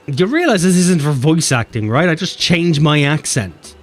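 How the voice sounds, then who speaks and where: A man's voice: on the high side, lively intonation, moderate pace, soft background music. An Irish man streaming a game, joking, swearing and reading the game's lines aloud. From Ireland. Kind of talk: casual game stream chat.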